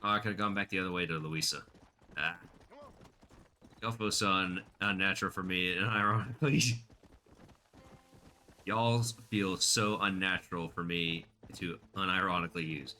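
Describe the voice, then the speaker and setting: A man's voice: deep voice, fairly even intonation, normal speed, pauses often, pushed and bright, a little hiss or hum. A man streaming a video game, chatting casually and joking in rambling asides into his desk microphone. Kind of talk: casual live-stream commentary.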